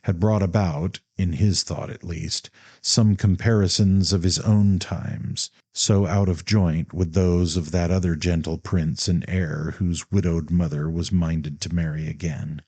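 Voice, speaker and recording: A man narrating a classic novel as an audiobook, in a measured, unhurried reading style. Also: low-pitched, steady tone, dark tone, slightly rough, no room sound.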